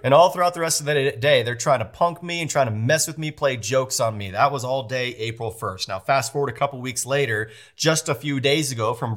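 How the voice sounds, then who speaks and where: Playful storytelling male pastor. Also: mid-range voice. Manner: animated, acts out family dialogue with playful voices. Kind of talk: sermon storytelling.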